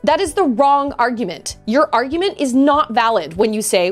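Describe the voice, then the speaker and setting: Animated ranting woman streamer. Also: a little high, fairly quick, few pauses, faint music behind. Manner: animated, exasperated, mocks others in sing-song voices. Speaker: game streamer. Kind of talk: casual ranting chat while streaming.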